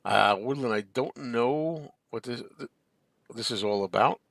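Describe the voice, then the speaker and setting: A man's voice: mid-range voice, measured pace, vocal fry, fairly bright tone, no room sound. A man hosting a casual live-stream chat, rambling and answering viewer comments. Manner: rambling, chatty, reads viewer comments aloud. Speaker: show host.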